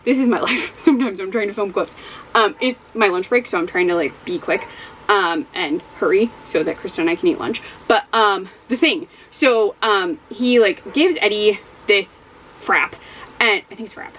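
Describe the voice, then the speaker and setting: A woman's voice: medium pitch, moderate pace, a bit bright, a little hiss or hum, low-quality recording. A woman chatting casually in a reading vlog at home, rambling and exclaiming, repeating her points. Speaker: book vlogger. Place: home with dogs.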